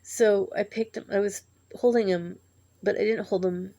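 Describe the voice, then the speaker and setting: A woman telling a tearful personal story in a halting, emotional way, sighing and breaking off as she grieves. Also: medium pitch, steady tone, warm tone. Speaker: vlogger.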